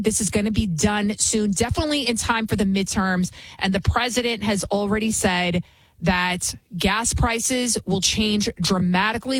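Husky, fervent woman host. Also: medium pitch, no echo, poor audio. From United States. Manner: fervent and emphatic, rambling with many restarts. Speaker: political commentary host. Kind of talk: political commentary monologue.

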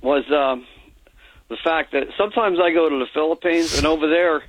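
A man calling in to a radio talk show, speaking haltingly with fillers and restarts. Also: fairly high pitch, dry recording, dull audio. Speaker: caller. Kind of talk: call-in conversation.

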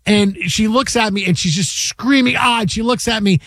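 A man in his forties hosts a casual sports radio show with a high voice and an animated storyteller's manner. His voice is recorded close and dry, with no room sound. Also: normal speed, no room sound. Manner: animated storyteller, acts out quotes.

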